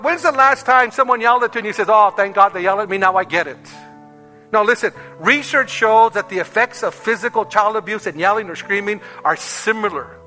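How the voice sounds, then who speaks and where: A man's voice: high voice, sharp tone. A male pastor preaching a sermon to his congregation, emphatic and calling for amens. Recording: long hall reverb with faint music.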